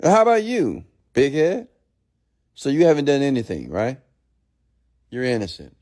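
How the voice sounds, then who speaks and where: A man's voice: medium pitch, wildly swooping pitch, moderate pace, darkish tone. A man hosting a late-night live stream, ranting bluntly and profanely at viewers, then answering their questions. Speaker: entrepreneur mentor host.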